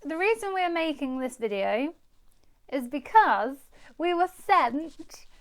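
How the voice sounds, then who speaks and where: Woman with a high voice, dry and teasing, sofa vlog chat. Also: big pitch swings, slow pace. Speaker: co-host. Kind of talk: casual chat.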